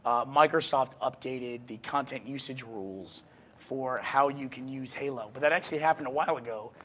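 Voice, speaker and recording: A man with a mid-range voice explains things in a measured, thinking-aloud way during a casual podcast chat. A faint hiss and some room ambience sit behind his voice. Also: medium pitch, a bit bright. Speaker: podcast co-host.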